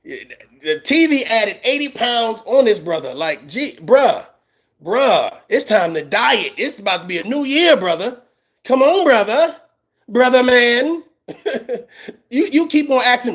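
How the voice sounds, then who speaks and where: A male commentator reacts to a clip in a loose, slangy way, teasing and laughing as he talks. His pitch is very lively, jumping high when he is amazed and dropping low for asides. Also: a little slow. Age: middle-aged. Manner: mocking, laughs a lot, slangy.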